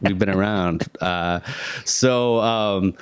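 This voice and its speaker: Man in his thirties, very low voice, smooth and clear, dry close sound, casual storytelling, quick high-pitched impressions. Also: no echo. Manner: animated, jumps into high-pitched voices for quoted people; laughs often, many fillers. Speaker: podcast guest.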